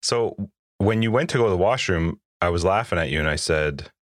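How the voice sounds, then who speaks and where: A man's voice: deep voice, lively intonation, a little fast, no echo, clean studio sound. A man hosting a gaming podcast, laid-back and joking, laughing easily between remarks. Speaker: podcast host. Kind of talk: casual chat.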